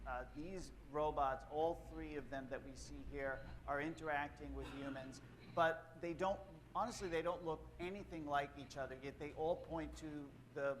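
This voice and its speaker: A man's voice: a little high, slight background noise. Filler-heavy male panel moderator. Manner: loose, filler-heavy, directs guests.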